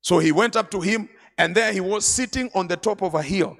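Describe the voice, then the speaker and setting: A man preaching a sermon at a conference, retelling scripture and stories with dramatic swings from quiet to shouting. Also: high-pitched, brisk, vocal fry. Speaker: bishop preaching. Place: large conference hall.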